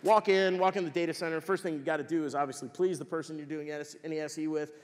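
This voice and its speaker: A man tells stories from the stage of a large conference hall, loose and profane, cursing freely as he goes. His voice sits a little high for a man. A long hall reverb trails behind every phrase. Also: fast. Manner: animated, swearing freely. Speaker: conference speaker. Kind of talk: profane, casual storytelling talk.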